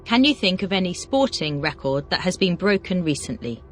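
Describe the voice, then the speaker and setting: Lively-toned teacher voice running a drill. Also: mid-range voice, faint music behind. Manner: reads single words, then brisk drill questions. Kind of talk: scripted question-and-answer drill.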